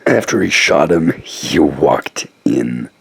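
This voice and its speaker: A man putting on a deep old-man voice to tell an improvised, rambling comic story full of jokes and asides. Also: lively intonation, slow pace, vocal fry, breathy edge, no room sound.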